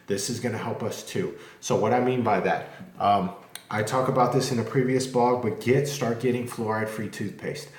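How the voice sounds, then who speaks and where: A man vlogging casually at home, talking candidly and rambling, with occasional cursing. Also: medium pitch. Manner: rambling, candid, curses freely. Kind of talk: casual vlog talk to camera. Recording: echoey room.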